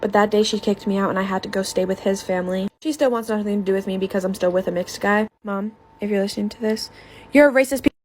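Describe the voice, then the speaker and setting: A nineteen-year-old woman telling a personal storytime, rapid and emphatic. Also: mid-range voice, steady tone, darkish tone. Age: about 19. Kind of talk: storytime video.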